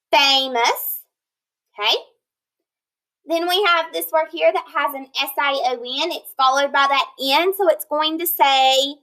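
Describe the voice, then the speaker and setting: Woman, phonics teacher, high bright pitch, deliberate sounding-out, encouraging check-ins. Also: rough recording. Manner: slow, deliberate, sounding out word parts. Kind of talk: recorded online lesson.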